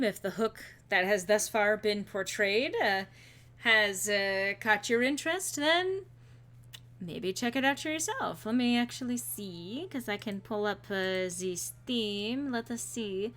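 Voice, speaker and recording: A woman's voice: fairly high pitch, expressive, measured pace, fairly bright tone. A woman streaming a game and chatting casually with a co-host and viewers, playful and full of fillers.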